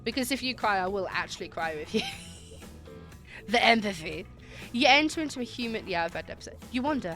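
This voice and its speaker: A woman's voice: a little high, sing-song, moderate pace, soft background music. A woman streamer chatting casually and giggling while she plays a dating game and thanks viewers for gifted subs. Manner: giggly and chatty, reacting loudly.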